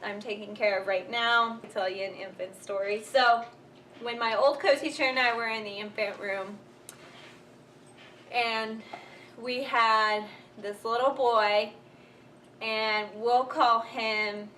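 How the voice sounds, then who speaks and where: A young woman tells funny stories to her viewers in a relaxed, chatty vlog, often breaking into laughter. Her voice sits fairly high. The mic is a little distant, with faint room noise behind her. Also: slow. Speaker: vlogger. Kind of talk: casual storytelling while folding laundry. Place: home room.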